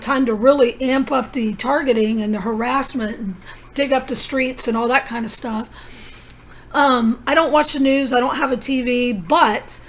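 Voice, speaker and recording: A woman with a high-sitting voice rambles through a personal vlog monologue. She tells her story urgently and conspiratorially, with many asides.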